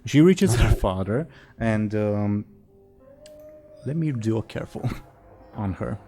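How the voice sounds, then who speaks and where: Guy running a tabletop game, low mellow voice, easygoing. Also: expressive, slow. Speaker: game master.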